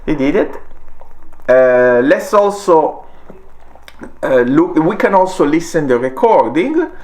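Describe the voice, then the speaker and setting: Man with an Italian accent, halting. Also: on the high side, big pitch swings, darkish tone. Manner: halting, frequent uh fillers, non-native grammar. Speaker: tech reviewer. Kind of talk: casual product demo.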